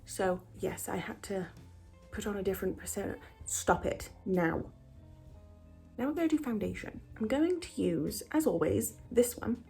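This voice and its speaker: A woman talks through a makeup tutorial in a put-on American accent, chatty and quick to tease herself. Her voice is warm and mellow, and she slips into whispers now and then. Faint music plays underneath. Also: mid-range voice, animated, gravelly. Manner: chatty, self-teasing, drifts into whispers. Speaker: beauty vlogger. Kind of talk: casual makeup tutorial chat.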